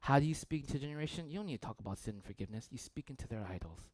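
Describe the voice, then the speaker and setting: A man preaching a sermon as a pastor, telling a story conversationally with frequent "right?" and swinging between loud bursts and hushed near-whispers. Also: medium pitch, expressive, very fast, no room sound.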